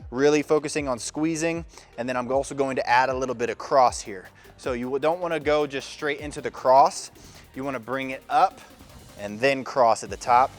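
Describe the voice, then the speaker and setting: Male fitness coach, mid-pitched, talks through exercises mid-set in a gym, faint music underneath. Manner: talks while demonstrating exercises, coaching cues. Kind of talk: casual workout instruction.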